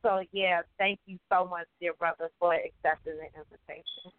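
A woman's voice: lowish voice, fairly even intonation, normal speed, slight background noise. A woman co-hosting a casual talk show, speaking appreciatively with many stammered restarts. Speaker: co-host. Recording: tinny phone-line audio.

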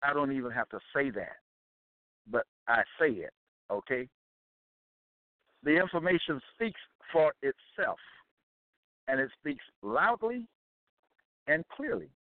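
A man's voice: medium pitch, expressive, a little slow, long pauses, no echo. A man giving an emphatic, preaching-style monologue as an author and Bible commentator, insistent and repetitive. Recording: dry, phone-like narrow sound.

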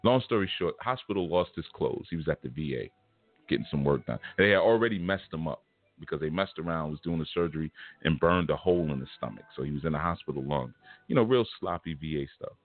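A man's voice: rumbling low, expressive, quick pace. A man giving a casual spiritual lesson, telling a personal story in blunt, streetwise slang. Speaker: spiritual teacher. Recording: tinny phone-like sound with faint music.

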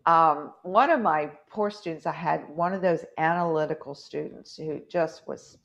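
A woman's voice: low voice, moderate pace, vocal fry, a bit bright, muffled recording. A woman hosting a podcast in casual chat, rambling through stories with acted-out quotes. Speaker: podcast host.

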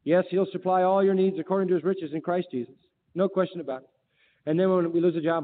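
A man's voice: sits high, quick pace. A male preacher delivering a sermon, emphatic, firing rhetorical questions and quoting scripture. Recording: tinny phone-like line with long reverb.

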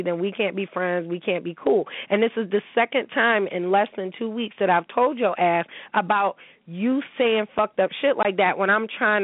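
A woman's voice: medium pitch, dry recording. A woman hosting a podcast, telling a story in casual chat with blunt, profane outbursts. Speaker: podcast host. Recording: tinny phone-line sound.

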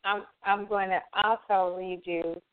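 A woman's voice: medium pitch, fairly even intonation, measured pace, slight background noise. A woman hosting a casual talk show who laughs easily and reads listener comments aloud. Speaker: podcast host. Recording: dry, phone-like lo-fi sound.

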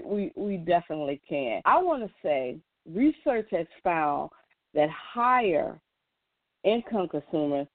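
A woman's voice: mid-range voice, no echo. A woman in a casual monologue, earnest and emphatic, often restarting her sentences. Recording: tinny, dry phone-like sound.

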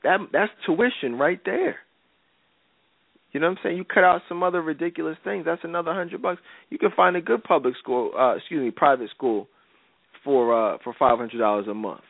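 A man's voice: fairly high pitch, fairly even intonation, fairly quick, vocal fry, no echo. A man hosting a faith-based advice radio show. He talks in a casual, slangy, preachy way and keeps asking "you know what I'm saying". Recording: dry, tinny phone-like radio audio.

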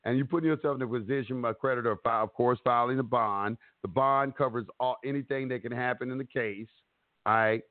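A man's voice: medium pitch, fairly quick, no echo. Man talking over a tinny phone line. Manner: animated, repetitive, acts out courtroom speeches. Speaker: host giving advice. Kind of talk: casual instructional chat. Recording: dry tinny phone-like audio.

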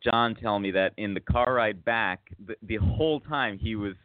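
A man's voice: lowish voice, normal speed, no room sound. A man hosting a casual talk show, telling a rambling story full of fillers, restarts and self-mocking jokes. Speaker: podcast host. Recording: tinny phone-like sound.

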